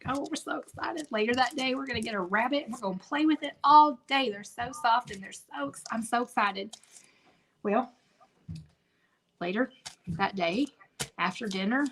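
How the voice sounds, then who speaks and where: A woman's voice: fairly high pitch, moderate pace, pauses often, fairly bright tone, slight background noise. A middle-aged woman hosting a craft video, chatting and telling stories straight to her viewers as she works. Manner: chatty storyteller, talks to viewers directly. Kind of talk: casual chat while crafting.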